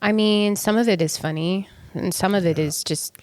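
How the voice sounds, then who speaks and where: A woman co-hosting a podcast, soft-spoken and meandering, with many hesitations in casual banter. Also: mid-range voice, normal speed, no echo. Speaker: podcast co-host.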